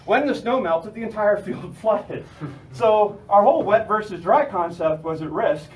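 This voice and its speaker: A man's voice: fairly high pitch, normal speed, far from the mic, a little hiss or hum. A young man presenting his graduate research in a lecture room, upbeat and laughing at himself. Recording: roomy room from afar.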